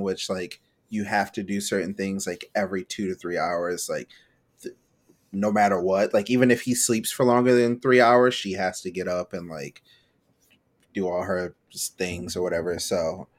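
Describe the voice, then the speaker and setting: A man's voice: fairly low pitch, darkish tone. Rambling young man on a podcast. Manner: rambling, lots of "like", acts out his own reactions. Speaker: podcast co-host. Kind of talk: casual podcast chat.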